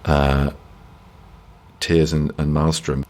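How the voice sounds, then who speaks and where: A man's voice: a bass voice, fairly quick. A man, an actor as a guest, talking reflectively and self-deprecatingly in a rambling interview, often restarting sentences.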